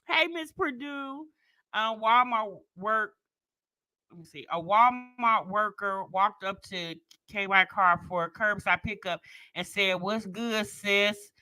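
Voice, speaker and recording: A middle-aged woman, chatting casually on a live stream and telling stories, animated and laughing often. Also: medium pitch, unhurried, no room sound. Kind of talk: casual live chat storytelling.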